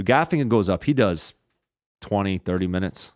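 Comedian guy cursing his way through a story, lowish voice, dry sound. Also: moderate pace, no room sound. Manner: profane, animated storytelling. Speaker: guest comedian. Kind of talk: casual storytelling in a podcast interview.

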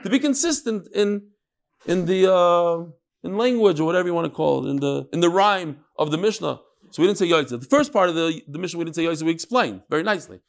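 A middle-aged man giving an informal Talmud lesson, explaining step by step with quick asides. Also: sits high, animated, gravelly. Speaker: Talmud class teacher.

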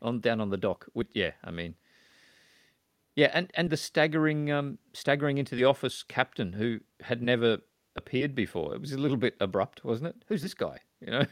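Chill guy hosting a movie podcast, lowish voice, bouncy delivery, dry sound. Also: expressive, brisk, no echo. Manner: chatty, easygoing, rambling. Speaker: podcast host. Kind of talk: casual film discussion.

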